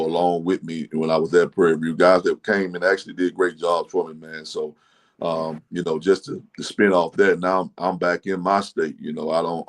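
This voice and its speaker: Deep-voiced country coach from Mississippi. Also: male voice. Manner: plainspoken country talk, relaxed, lots of "man" and "you know". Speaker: football coach guest. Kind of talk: casual podcast interview.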